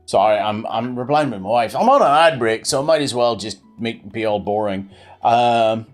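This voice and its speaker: On a live game stream, a man in his thirties rambles at a moderate pace, full of fillers and restarts, with his pitch swinging widely. Faint music can be heard behind him.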